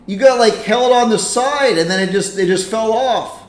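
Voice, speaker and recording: A high-voiced man hosts a live stream, chatting in an unhurried, drawn-out way and getting excitable as he calls out names. His voice rings in an echoey room with a faint hiss behind it. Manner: chatty, excitable, reacts loudly to a game. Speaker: livestream host. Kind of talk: casual live-stream commentary.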